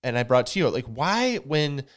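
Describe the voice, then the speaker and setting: A man's voice: mid-range voice, very animated, normal speed. A man, co-hosting a podcast in casual talk, earnest and emphatic, repeating words to drive a point home. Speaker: podcast co-host.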